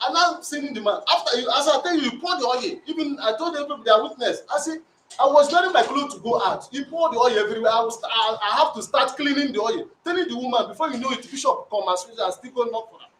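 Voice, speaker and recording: Nigerian man with a very high voice pleading his side of a family quarrel, rambling and repetitive; distant mic in a roomy space with faint noise. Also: fast. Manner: rambling, repetitive, animated storytelling. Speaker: complainant. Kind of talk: recounting a domestic dispute.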